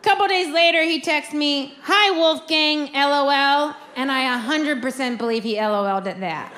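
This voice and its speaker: A woman performing a stand-up comedy set, telling a story and acting out quoted lines with animated delivery. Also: high-pitched, moderate pace. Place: comedy club stage with audience. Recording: live club recording with crowd noise. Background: audience laughter.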